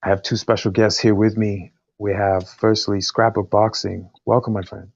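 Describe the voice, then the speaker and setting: A man's voice: fairly low pitch, level tone, moderate pace, gravelly, darkish tone, dry recording. A man hosting an online boxing stream, welcoming guests and speaking in a self-deprecating way. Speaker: host. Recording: dry, dull lo-fi stream audio.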